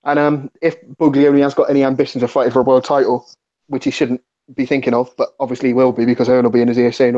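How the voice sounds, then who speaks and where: A man's voice: mid-range voice, flat delivery, fast, dark tone. A man on a casual podcast panel, blunt and dismissive. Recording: dull lo-fi sound.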